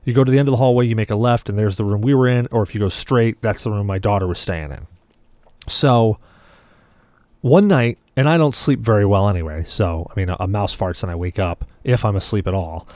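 A man's voice: on the low side, fairly quick, darkish tone, dry recording. A man telling a long story on a casual podcast, acting out the lines of the people in it as he goes. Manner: vivid storyteller who acts out quoted dialogue. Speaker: podcast co-host.

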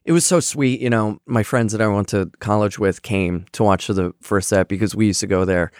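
A man in a casual interview recounts his start in stand-up, swearing freely. He slips into other voices with sudden high leaps in pitch. The sound is close and dry. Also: moderate pace, dry recording. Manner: animated, swearing, acts out voices with big pitch jumps. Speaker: comedian guest.

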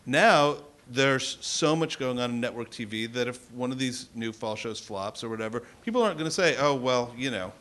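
A man with a bright, forceful voice argues his point on a panel. He talks in quick asides and mid-range pitch. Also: lively intonation. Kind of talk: panel discussion.

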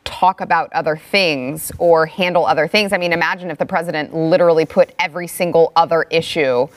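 A woman hosting a political talk show, brisk and wry, moving into a conversational sponsor read. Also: deep voice. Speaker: host.

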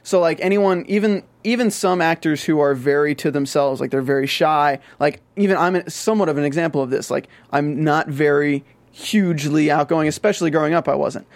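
A man's voice: a little high, brisk, no room sound. A man from the American South chatting casually about a TV show, rambling with many restarts and fillers. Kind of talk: casual TV recap chat.

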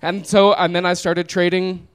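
On stage at a small live venue, a young comedian tells a long story, relaxed and amused, laughing often along the way. His voice is a little high for a man, smooth and clear, at a normal speed.

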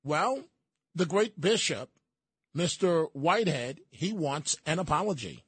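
A man's voice: fairly high pitch, expressive, unhurried, fairly bright tone, breathy edge, no echo. A man hosting an opinionated news commentary show, talking in a sardonic, emphatic way with frequent fillers and restarts. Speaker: host.

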